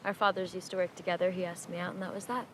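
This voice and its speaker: An actress playing a guarded young 1960s wife. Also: female voice, fairly low pitch, level tone, racing, slight background noise, close to an everyday voice. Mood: wistful. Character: reserved young married woman in the 1960s. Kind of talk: film dialogue. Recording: film clip with music behind. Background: film score.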